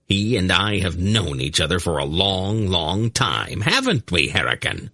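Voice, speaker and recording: A man's voice: low-pitched, sing-song, measured pace, pushed and bright, no echo, clean studio sound, heavily acted. A man voicing a sardonic, mocking old hunchbacked sorcerer in an audiobook. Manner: sardonic, taunting. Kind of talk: audiobook character voice.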